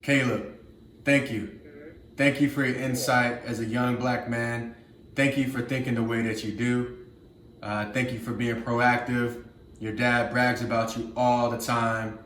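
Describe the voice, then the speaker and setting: A man's voice: medium pitch, flat delivery, measured pace, a bit bright, reverberant, slight background noise. A man hosting a casual discussion, earnest and asking his guests questions. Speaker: host.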